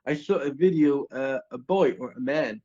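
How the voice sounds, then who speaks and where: A man's voice: medium pitch, moderate pace, mellow. A man hosting a casual interview, asking questions eagerly and laughing a lot. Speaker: host. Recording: dull lo-fi audio.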